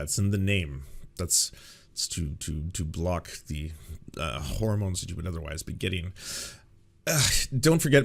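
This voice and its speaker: A man hosting political reaction commentary, talking casually and sarcastically, swearing and doing mocking impressions. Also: lowish voice.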